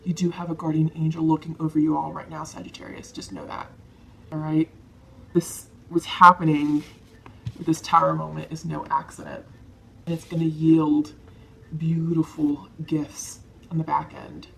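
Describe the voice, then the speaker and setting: Low gravelly woman reading tarot. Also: level tone, normal speed. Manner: soft-spoken, emotional, reassuring. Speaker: tarot reader. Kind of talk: tarot card reading to camera.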